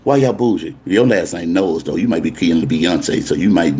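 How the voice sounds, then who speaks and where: Brief: male pastor, very low voice, playful livestream sign-off, faint background hiss. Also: a little fast, mellow. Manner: playful, teasing, talks to chat comments. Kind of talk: casual livestream sign-off to viewers.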